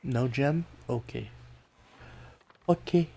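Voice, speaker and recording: A man's voice: medium pitch, takes it slowly, gravelly, slightly rough. A man streaming a pirate video game, giving casual commentary and muttering to himself as he plays. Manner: relaxed, muttering to himself while playing. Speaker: gaming streamer.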